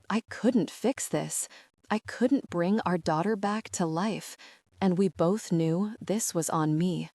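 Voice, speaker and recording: Woman narrating a novel, low voice, dry close sound, measured and sad. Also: mellow, no echo. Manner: slow, sorrowful, measured reading. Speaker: audiobook narrator. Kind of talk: scripted audiobook narration.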